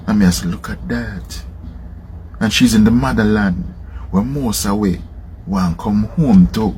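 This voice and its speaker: A man with a Jamaican accent from Jamaica, telling a travel story in casual patois with lively emphasis. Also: fairly low pitch, slight background noise. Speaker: traveler sharing his story.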